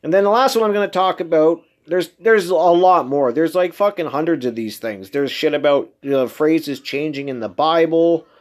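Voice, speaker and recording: A man with a slightly higher voice hosts his own casual podcast, talking alone to his listeners. He swears constantly and sounds emphatic and incredulous. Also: normal speed, few pauses. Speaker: podcast host. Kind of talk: casual solo podcast monologue.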